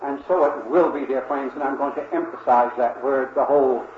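An older man preaching a sermon in an earnest, reverent manner, speaking slowly and often pausing with "uh" to address his listeners as dear friends. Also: medium pitch, steady tone. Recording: dull roomy old recording with faint hiss.

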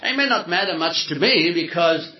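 Sermon preacher, male, pitch slightly high, deliberate explainer, roomy lo-fi hall recording. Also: animated. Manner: explanatory, deliberate, repeats words. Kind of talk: sermon teaching to a congregation. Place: hall with a congregation. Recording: echoey hall, dull lo-fi sound.

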